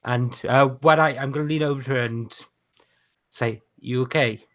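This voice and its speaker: A man's voice: mid-range voice, steady tone, normal speed. A man plays a tabletop wrestling game, laying out his character's actions step by step. He speaks in a casual way, with a mid-range voice. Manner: describing his moves step by step. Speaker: player.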